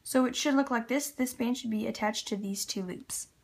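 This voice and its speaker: Fairly high-pitched and husky, a Canadian woman speaks at a moderate pace as she hosts a loom tutorial. She chats casually through each step with little laughs while her hands work, picked up by a camera on a tripod at the table.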